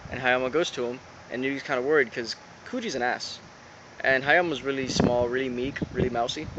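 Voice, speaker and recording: A man's voice: mid-range voice, fairly even intonation, a little fast. A man casually recapping an anime episode, rambling along with lots of fillers and retold lines. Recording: dull lo-fi sound with background noise.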